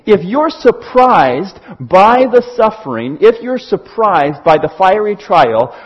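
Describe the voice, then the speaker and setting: Lively, husky-voiced male preacher. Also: high voice, muffled recording. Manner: animated, acts out little scenes. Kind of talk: sermon.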